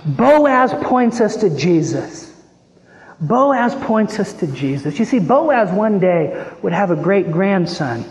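A man preaching a sermon as a pastor, impassioned, swinging between hushed and rising pleading. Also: sits high, sing-song, takes it slowly. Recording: long hall reverb.

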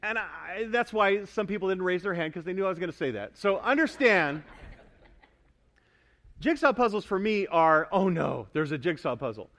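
Male pastor, high-pitched, emphatic sermon delivery, calls out to the congregation. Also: lively intonation, normal speed. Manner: emphatic, builds to loud pointed repetition; asks the congregation for responses. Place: church sanctuary.

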